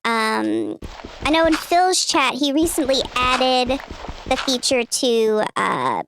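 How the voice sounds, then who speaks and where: A woman's voice: animated, takes it slowly, vocal fry, a bit bright, slight background noise, full character voice. A woman streamer talking through a voice changer set to a cutesy uwu voice, bubbly and rambling. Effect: pitched-up voice changer.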